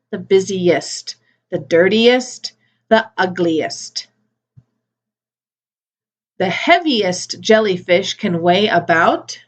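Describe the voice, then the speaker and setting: A woman teaching an English grammar lesson, modelling words slowly and carefully for learners. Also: lowish voice, a bit bright. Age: adult with a daughter. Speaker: ESL teacher.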